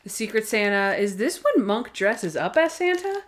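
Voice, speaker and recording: A woman's voice: medium pitch, sing-song, moderate pace, a little hiss or hum. Chatty young woman podcast co-host. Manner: chatty, full of "like", acts out characters' lines. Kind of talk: casual chat recapping TV episodes.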